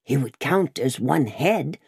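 A woman reading aloud, voicing a cruel male revolutionary juror with a croaking voice and slow, relishing delivery. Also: very deep voice, lively intonation, darkish tone, no echo, studio quality, full character voice. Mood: gloating.

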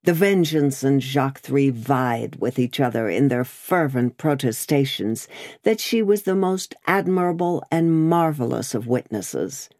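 A woman narrating an audiobook with a very low, dark voice that moves lively across her range. She reads slowly and expressively. The recording is dry and close. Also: no echo.

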